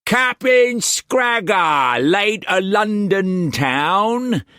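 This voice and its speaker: Scragger, a brash pirate captain. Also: male voice, sits high, expressive, bright, forceful tone, smooth, no room sound, clean studio sound, voice pushed up, exaggerated voice. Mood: hailing. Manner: slow, drawling, sing-song calls. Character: brash swaggering male pirate captain, thirties.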